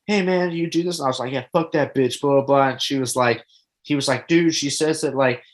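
A young man, a former delivery driver, telling crude stories casually and swearing a lot. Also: medium pitch. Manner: quick, crude storytelling with frequent swearing. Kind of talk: casual chat.

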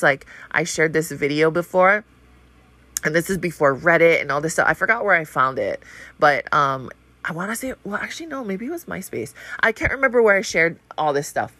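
A woman's voice: low voice, sharp tone, no echo. A woman in her thirties talking in a blunt, profane and rambling way, full of fillers, in a casual monologue. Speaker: vlogger.

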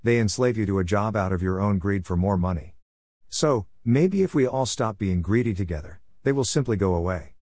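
A man's voice: fairly low pitch, lively intonation, fairly quick, darkish tone, dry recording, studio quality. A middle-aged man reading his own letter aloud, in a blunt, preachy and irreverent way. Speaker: podcast host.

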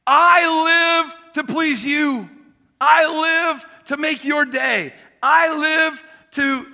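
Man playing an eager happy dog, gushing, repetitive, excitable, high sharp voice. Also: drawn-out words, vocal fry, exaggerated voice. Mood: adoring. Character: overjoyed eager-to-please dog. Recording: long hall reverb.

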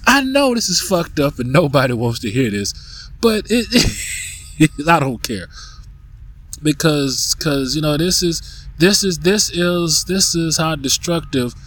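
A man's voice: on the high side, a bit bright. A man hosting a podcast, talking bluntly in a casual monologue, swearing, restarting his sentences and filling gaps with "you know" and "right". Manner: blunt, profane, many restarts and fillers. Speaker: podcast host.

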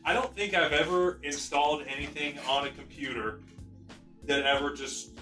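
A man's voice: fairly high pitch, fairly even intonation, normal speed, sharp tone. A man joining a casual chat with his own complaint. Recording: roomy, distant mic, faint music.

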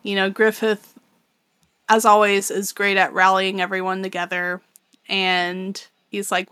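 A young woman co-hosting a casual podcast, retelling a manga with lots of swearing, laughter and quick quoted voices for the characters. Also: medium pitch, little pitch movement, sharp tone, clear, resonant tone, no echo, studio quality. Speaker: podcast co-host recapping a manga. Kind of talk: casual chat. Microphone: no camera, audio only.

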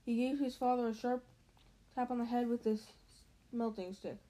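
A woman's voice: a little high, fairly even intonation, moderate pace, mellow, poor audio. A woman reading a novel aloud in a casual way, tripping over words and restarting now and then. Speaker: reader.

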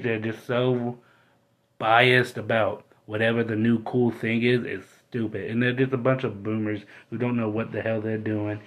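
A man's voice: mid-range voice, narrow, tinny audio. A man hosting his own podcast alone, ranting bluntly and with a lot of swearing, and he gets worked up as he talks. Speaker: podcast host. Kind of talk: casual ranting monologue.

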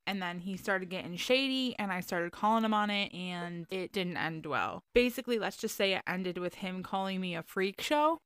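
A young woman rants frankly into a close mic, swearing freely and rambling with ums. Her voice is smooth and clear, and the sound is dry with no room echo. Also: on the low side, a bit bright. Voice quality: profane, candid, rambling with ums. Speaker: vlogger. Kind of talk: casual personal rant.

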